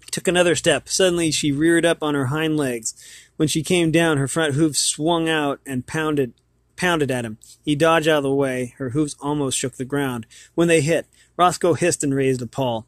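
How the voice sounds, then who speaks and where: A man's voice: fairly high pitch, steady tone, moderate pace, no room sound. A man reading a children's book aloud as host of his channel, hesitant, with many fillers and repeated words.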